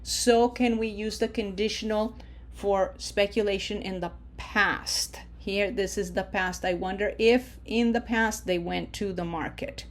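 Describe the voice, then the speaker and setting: A woman's voice: mid-range voice, fairly even intonation, measured pace. A woman teaching a recorded language grammar lesson, explaining step by step and drawing out the model words carefully. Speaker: Spanish teacher.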